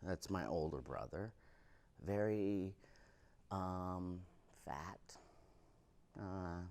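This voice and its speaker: A young man doing stand-up comedy, telling family stories with mock-confiding asides. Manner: animated, wild pitch swings, mock-confiding asides.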